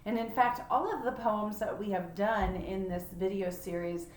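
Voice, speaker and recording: A woman leading a poetry lesson for children, talking in a slow, encouraging way with frequent fillers. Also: medium pitch. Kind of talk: patient lesson for children, reading a poem aloud. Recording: echoey room, distant mic.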